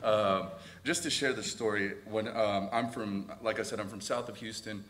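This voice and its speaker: A young man from Texas, a student, sharing a personal testimony in a church, hesitant and halting with many fillers. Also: lowish voice, fairly even intonation, fairly bright tone.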